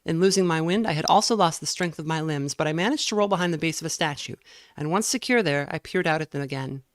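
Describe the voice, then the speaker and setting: A woman reading a novel aloud in a measured way, now and then stumbling and correcting herself. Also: deep voice, no room sound, clean studio sound. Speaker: reader.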